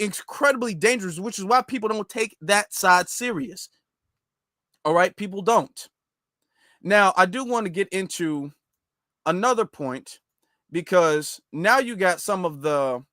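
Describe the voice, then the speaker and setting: A man's voice: sits high, bright, forceful tone, no echo, studio quality. A man hosting a political commentary channel, talking casually and emphatically to his viewers. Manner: conversational, emphatic, addresses viewers as y'all.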